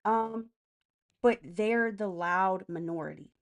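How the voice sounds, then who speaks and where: A woman's voice: medium pitch, slow. A woman hosting a casual political live stream, answering chat comments by name in a blunt, profane way.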